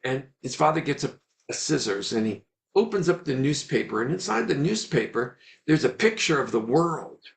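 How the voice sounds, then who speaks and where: A man gives an earnest, animated webinar talk built around a story. His mid-pitched voice carries a noticeable gravelly fry. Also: normal speed. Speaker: Ayurvedic teacher.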